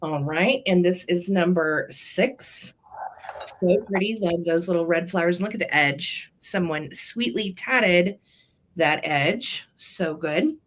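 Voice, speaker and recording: Speaking slowly at a fairly low pitch, a woman co-hosts a live vintage sale, sweetly chatting and raving about the merchandise. She keeps clearing her throat because of a tickle.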